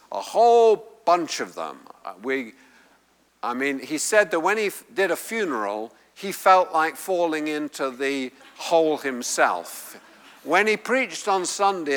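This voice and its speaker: A man's voice: fairly high pitch, fairly bright tone. A man preaching a sermon who explains the Greek text and repeats his key phrases for emphasis. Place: church hall with congregation. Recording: long hall reverb.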